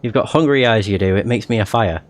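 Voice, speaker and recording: A man's voice: on the low side, fast talker, lightly acted. Annah, a tart young tiefling woman, read by a man. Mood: teasing. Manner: reads dialogue aloud with little voice change.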